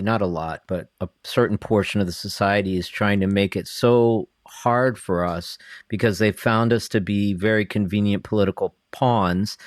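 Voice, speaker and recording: Low-voiced, measured podcast co-host. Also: male voice, dry recording, clean studio sound. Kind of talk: casual podcast chat.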